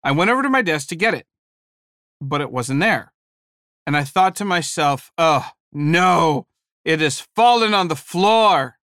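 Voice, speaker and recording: A man delivering a sermon with animated, humorous storytelling. His voice sits a little high for a man. The recording is dry and close, with no room echo. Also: a little slow. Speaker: preacher and former high school teacher.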